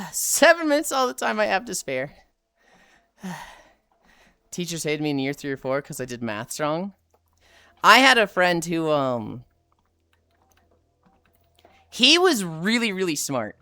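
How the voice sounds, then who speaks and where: A woman streamer with a fairly low-pitched voice greets her viewers and tells rambling stories about her school days. Her chat is casual and profane, the retelling animated, and there's no echo.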